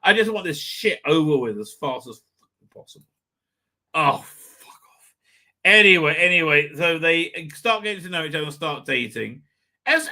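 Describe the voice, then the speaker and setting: A man talks through a TV episode in a loose, digressive review, his voice sharp and bright and pitched a little high. He swears freely and keeps breaking into exasperated outbursts before dropping back to casual chat. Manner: profane, digressive, exasperated rants with sudden shouts. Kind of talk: rambling off-the-cuff review monologue.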